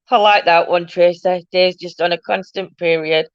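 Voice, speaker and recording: A woman's voice: on the low side, steady tone, normal speed, few pauses, clean tone, no echo. A chatty woman hosts her live stream from home, bantering with viewers and laughing easily. Her voice comes through a webcam mic, dry and a little muffled. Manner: chatty and bubbly, laughs often, teasing. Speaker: host of a paranormal live stream. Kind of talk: casual live-stream chat, reading out viewer comments.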